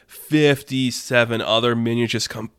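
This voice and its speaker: A man hosting a podcast, telling a story in a casual, animated, rambling way with lots of fillers. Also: medium pitch, measured pace, clean tone, no echo, studio quality. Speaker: podcast host.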